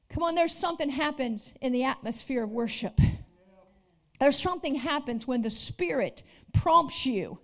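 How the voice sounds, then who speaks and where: A woman pastor delivers a sermon in a high voice. She calls out to her congregation and moves between loud, fervent declarations and hushed, intimate storytelling. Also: expressive, moderate pace. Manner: preaching with call-outs, rising and dropping intensity.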